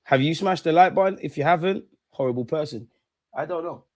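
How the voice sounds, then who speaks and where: A man's voice: a little high, brisk, a little mellow. A young man hosting a live football watch-along, bantering with his chat in slang, swearing and laughing often.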